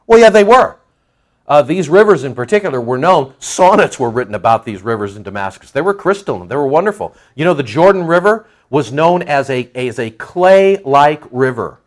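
A middle-aged male pastor preaching a folksy, animated sermon, joking with his congregation and acting out voices. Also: mid-range voice, a little fast.

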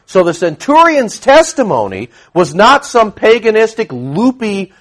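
Man preaching, high voice, very lively pitch, emphatic, rhetorical questions. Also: unhurried. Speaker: pastor. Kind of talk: sermon.

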